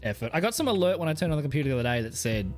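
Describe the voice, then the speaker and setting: A man's voice: on the high side, sing-song, rapid-fire, faint music behind. Rambling crude Australian man. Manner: rambling, crude, laughs often. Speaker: livestreamer. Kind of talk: casual stream chat.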